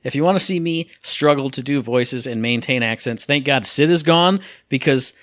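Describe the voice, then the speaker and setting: A man co-hosting a casual gaming podcast, telling stories with lively acted-out quotes and sound effects. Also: medium pitch, moderate pace, no room sound. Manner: animated storyteller, acts out quotes and sound effects. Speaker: podcast co-host.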